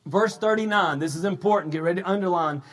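A man preaching a sermon, shouting his emphatic points and then slipping into a loose, conversational retelling full of restarts. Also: high voice, fast. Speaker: pastor.

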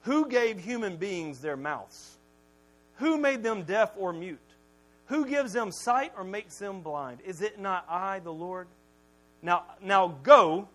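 A preacher speaking as a slow, deliberate God. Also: male voice, high voice, lively intonation, fairly bright tone, full character voice. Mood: commanding. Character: God, patient commanding father figure.

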